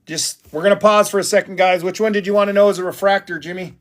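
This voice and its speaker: Excitable man hosting a card break. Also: high-pitched, quick pace. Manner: excitable, hyped, chatty with viewers. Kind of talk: live card break stream.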